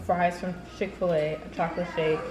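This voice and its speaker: A woman's voice: fairly low pitch, little pitch movement, moderate pace. A woman chatting casually in a family vlog, talking to her baby and the camera. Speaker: vlogger.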